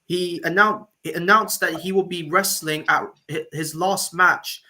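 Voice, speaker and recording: Bright, hesitant young man chatting. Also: sits high, fairly even intonation, measured pace. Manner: hesitant, full of "um" and "like". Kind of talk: casual chat.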